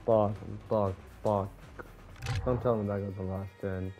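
A man's voice: lowish voice, level tone, unhurried, dull audio, music in the background. A man giving casual commentary while playing a shooter, often bursting out in frustration and swearing. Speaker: gamer.

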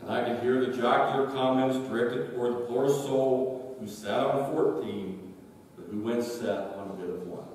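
A man, one of her children, reading a tribute at a memorial service in a slow, measured way. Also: mid-range voice, steady tone, darkish tone. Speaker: family member reading a tribute. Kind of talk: memorial eulogy. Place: large echoing hall. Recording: echoey hall, distant mic, faint hiss.

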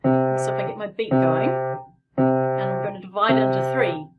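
A woman's voice: mid-range voice, normal speed, muffled recording. A middle-aged woman teaching piano in a playful, encouraging way, explaining rhythms as she plays. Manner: playful and encouraging, demonstrates while playing. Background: piano playing.

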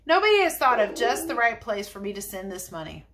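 An excitable, generous storekeeper from a storybook, as a woman reader puts him on, his voice jumping high and bouncing all over. He talks eagerly, in a bright, sharp tone. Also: fairly quick. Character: excited generous male storekeeper, loud and cheery.

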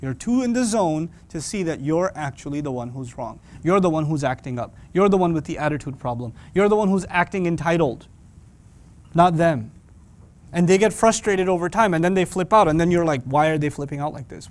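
A man giving an animated, joking sermon, mixing in Quranic Arabic recitation. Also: on the high side, fairly quick. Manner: animated, joking, acts out quoted voices. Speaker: Islamic speaker.

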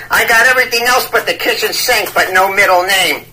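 A man's voice: sits high, moderate pace, bright, forceful tone, poor audio. A man putting on a rambling old geezer. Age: old man persona. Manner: rambling, cackling, stammering. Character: rambling 73-year-old man who mangles idioms. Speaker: scam baiter. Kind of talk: prank phone call.

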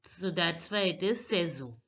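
Slow, bright-voiced woman teaching pronunciation. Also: lowish voice. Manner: reads French words slowly, then explains each sound carefully. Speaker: French teacher. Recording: dull lo-fi recording.

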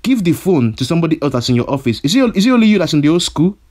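A man's voice: medium pitch, expressive, quick pace, a little mellow, lightly acted. A prank caller voicing a hot-headed male kidnapper who stammers and repeats himself, his threats escalating. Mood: furious. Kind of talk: prank phone call.

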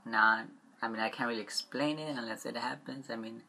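A young man rambling in a confessional vlog, upset and stressed, halting and trailing off with frequent swearing. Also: medium pitch, fairly even intonation, creaky, bright, forceful tone.

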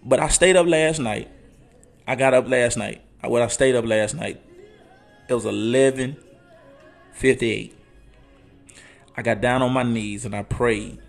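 A man in his thirties delivers a fervent motivational talk as an online coach, sinking to low, hushed tones and then climbing loud and high. He repeats phrases and restarts for emphasis and weaves in scripture. Faint music plays underneath. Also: a little slow, vocal fry, long pauses. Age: 30s. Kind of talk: motivational talk on a live show.

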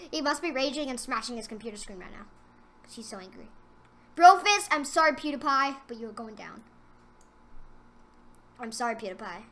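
A woman doing casual gameplay commentary for her gaming channel, excitable and trash-talking her opponents, then dropping into mumbled asides. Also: on the high side, a little hiss or hum.

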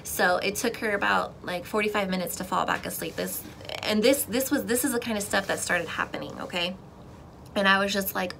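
A young woman giving an earnest, fervent personal testimony, dropping to a hush and then rising to loud pleading. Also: a little high, fairly quick, gravelly, a little hiss or hum. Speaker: Christian content creator. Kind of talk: emotional testimony to camera.

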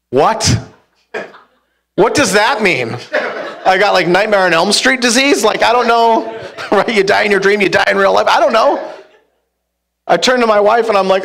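A young male pastor preaching to a church congregation, telling a story in a lively, comic way. His voice sits a little higher than most men's, and he acts out the dialogue with bursts of laughter. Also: measured pace, creaky, pauses often. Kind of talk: storytelling sermon. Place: church hall with live congregation.

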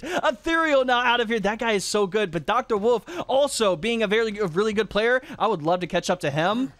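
A man giving excitable live commentary over a match, rattling along at speed in a high voice. He rambles and trips over player names as he goes. Faint clicking sounds sit behind him. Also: quick pace, few pauses, a little hiss or hum. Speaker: gaming channel host.

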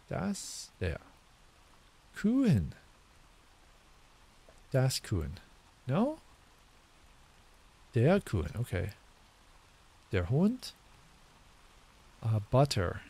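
Guy muttering through his practice, slow, guessing and fixing himself as he goes. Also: mid-range voice, a little mellow, breathy edge. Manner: muses aloud, guessing and self-correcting while sounding out foreign words. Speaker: language learner streaming his practice. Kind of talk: casual think-aloud commentary.

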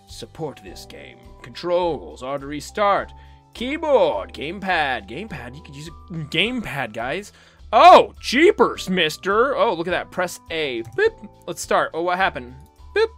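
On a gaming channel, a man whose voice sits on the high side delivers let's-play commentary that's goofy and excitable, full of exclamations and silly sounds.

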